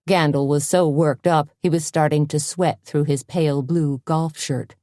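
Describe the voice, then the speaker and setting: Female audiobook narrator, low and mellow, even measured read, dry booth. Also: dry recording. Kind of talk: scripted narration.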